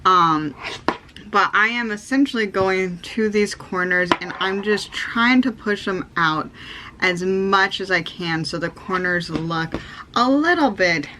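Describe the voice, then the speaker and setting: A woman's voice: medium pitch, slow pace, noisy background. An American woman in her thirties explaining a sewing project in a chatty, upbeat way, full of ums and likes. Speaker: sewing vlogger. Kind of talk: casual how-to chat.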